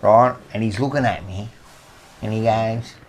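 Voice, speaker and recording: A man's voice: fairly low pitch, a little slow, a little hiss or hum. Man telling rambling stories. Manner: rambling anecdotal storyteller, swears freely. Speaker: podcast co-host. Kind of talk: casual chat.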